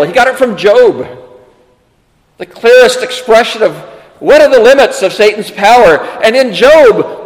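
A male preacher delivering a sermon with emphatic, animated phrasing and chatty asides. His voice is high for a man, and it carries a long reverb, as if he is in a large hall.

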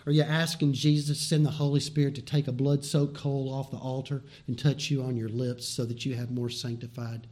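A man gives a pastor's sermon at medium pitch, fairly quick, with a level tone and few pauses. He alternates emphatic, repeated words with hushed, folksy asides and asks the listeners questions directly.

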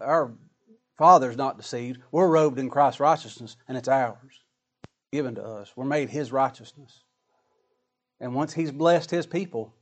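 A man preaching a sermon in a folksy, dramatic style, with plain colloquial grammar and rising, emphatic lines. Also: a little high.

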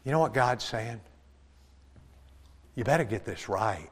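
A middle-aged male pastor preaches with lively, storytelling energy, jumping from quiet asides to shouted punchlines. His mid-pitched voice rings out under a long church reverb. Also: a little slow. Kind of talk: sermon.

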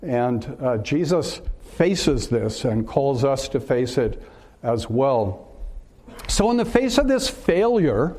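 A man's voice: a little high, darkish tone. Earnest male preacher giving a sermon. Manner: earnest, rhetorical questions with filler uhs.

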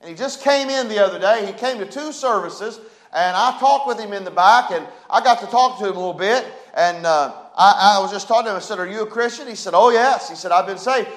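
A man preaches from his pulpit in a notably high voice. He builds to emphatic peaks and throws questions out to the congregation. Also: quick pace, rough recording. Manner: preaching with rising emphasis and call-and-response. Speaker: pastor. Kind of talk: sermon. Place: church sanctuary.

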